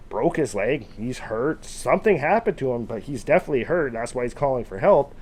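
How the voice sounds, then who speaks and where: A man casually retelling a true scary encounter, loosely phrased with fillers, now and then shouting out quoted calls. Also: medium pitch. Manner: casual, conversational, with fillers like "kind of" and "like". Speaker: storyteller.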